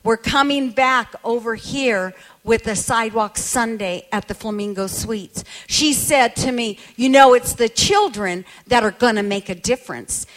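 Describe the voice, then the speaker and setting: A woman preacher telling a story in a sermon, emphatic and quoting people as she goes. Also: fairly high pitch.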